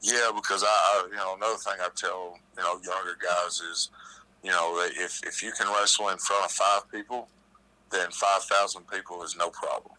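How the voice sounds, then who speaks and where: A man who is a guest on a podcast, speaking in halting casual chat, repeating words and saying you know often. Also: sits low, little pitch movement, bright, forceful tone, no echo, rough recording.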